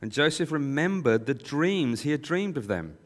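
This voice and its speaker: A man reading scripture aloud in a plain, measured way, now and then correcting himself. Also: a little high, big pitch swings. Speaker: scripture reader. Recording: long hall reverb.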